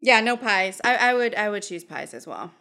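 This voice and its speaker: A woman's voice: medium pitch, animated, normal speed, bright, forceful tone. A woman in casual chat among game friends, giggly and talkative. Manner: giggly and chatty. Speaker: tabletop game player.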